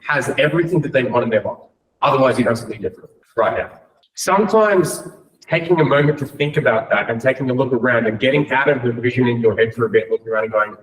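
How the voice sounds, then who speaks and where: A man giving a blunt motivational talk to a room, peppering it with swearing and rhetorical "right?"s. His voice sits at a middling pitch and carries an echoey, roomy sound, picked up from some distance away. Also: fairly bright tone. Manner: blunt and profane, many "right?" and "like". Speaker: business coach. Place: room with an audience.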